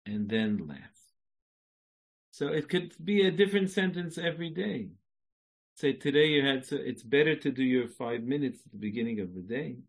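A man's voice: mid-range voice, slightly rough. A man teaching an inspirational Jewish class in a chatty way, laughing at his own jokes and mixing Hebrew and Yiddish phrases into his talk. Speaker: Jewish lecturer.

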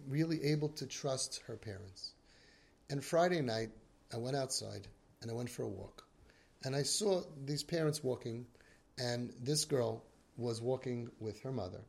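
Male parenting coach, animated storytelling, mid-range voice. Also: medium pitch, vocal fry. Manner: animated storytelling, Yiddish and Hebrew words. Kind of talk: podcast talk.

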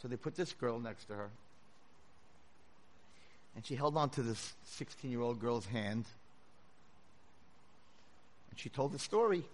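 A rabbi giving a sermon to a room of listeners, telling stories dramatically and swinging from a hush to full shouts. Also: male voice, mid-range voice, lively intonation, unhurried, pauses often. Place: lecture hall with audience.

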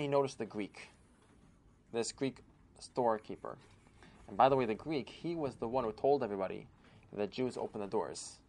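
A man telling a folk tale aloud in an animated manner, with sudden emphatic bursts. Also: medium pitch. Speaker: storyteller. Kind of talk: oral storytelling.

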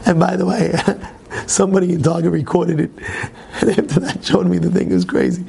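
A man teaching a Torah class and telling a personal story, animated, often repeating words and restarting. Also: high-pitched, moderate pace, vocal fry, background noise.

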